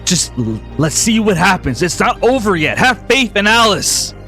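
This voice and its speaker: A man voices a steady, reassuring friend who keeps his voice calm while reasoning with someone upset. He speaks in an even, soothing way, in a fairly high register. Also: moderate pace, faint music behind, exaggerated voice.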